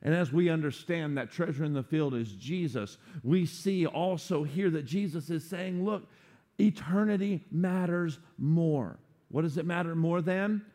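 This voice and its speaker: A man preaching a sermon, animated and playful, acting out quotes for humor. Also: fairly high pitch, a little slow. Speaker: pastor.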